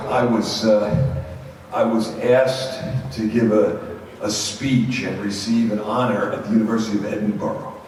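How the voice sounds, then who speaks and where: A man with a strong Brooklyn accent talks to a student audience in an informal, storytelling way, often restarting on repeated words. His low voice comes from a distant microphone and carries a long hall echo. Faint noise sits underneath. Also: a little mellow. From Brooklyn, New York. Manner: conversational and anecdotal, with frequent repeated words and restarts. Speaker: university president giving a guest talk to students. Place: large echoey school hall.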